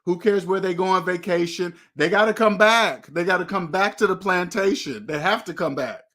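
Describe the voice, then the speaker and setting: A man's voice: high-pitched, moderate pace, sharp tone. A man hosting a motivational money talk, preachy and emphatic, driving points home with repeated questions. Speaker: host.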